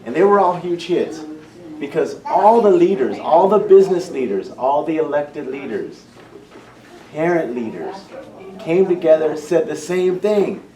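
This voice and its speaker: A man's voice: fairly high pitch, animated, measured pace, mellow. Male program founder, fired-up talk to parents, heard from across an echoing room. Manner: passionate, repeats and restarts phrases. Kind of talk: impassioned public talk. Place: school meeting room. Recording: echoey room, distant mic, faint hum.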